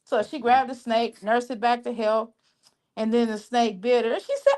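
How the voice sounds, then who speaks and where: A woman guest in a casual chat, telling stories in an animated way and acting out the voices. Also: on the high side, moderate pace. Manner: animated storyteller, acts out voices.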